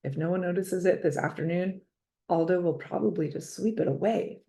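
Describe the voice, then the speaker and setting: A woman reading a children's chapter book aloud, gentle and expressive, in first person. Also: fairly low pitch, normal speed, gravelly. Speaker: reader. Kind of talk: storybook read-aloud.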